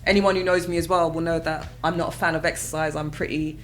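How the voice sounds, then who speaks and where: A woman in her thirties, an interview guest telling her own story in a candid, conversational way, breaking into high excited exclamations as she recalls moments. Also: fast, a little hiss or hum, rough recording. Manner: animated, bursts into high excited exclamations and laughter when retelling moments.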